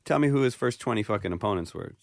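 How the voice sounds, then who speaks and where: Low-voiced British man talking boxing casually. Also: lively intonation, racing, gravelly, no echo, studio quality. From Britain. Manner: easygoing, joking. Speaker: podcast co-host. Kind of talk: casual chat.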